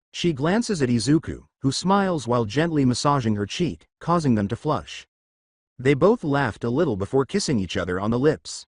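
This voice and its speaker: A man's voice: mid-range voice, big pitch swings, normal speed, dry recording. Casual: guy reading a fanfic story, voice goes up and down a lot, super dry close sound. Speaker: narrator.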